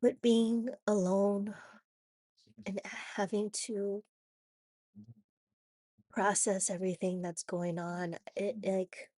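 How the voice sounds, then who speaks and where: A woman with a raspy voice from a cold, talking haltingly in a personal confessional vlog with many restarts and "you know"s. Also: mid-range voice, flat delivery, mellow, dry recording, clean studio sound. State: hoarse from a cold. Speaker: vlogger.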